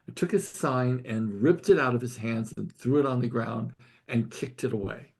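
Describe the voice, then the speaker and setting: Earnest older man with a gravelly, husky voice. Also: medium pitch, normal speed, darkish tone. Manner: earnest, tearful, repeats and restarts words. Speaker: study group leader. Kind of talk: emotional storytelling in a group call.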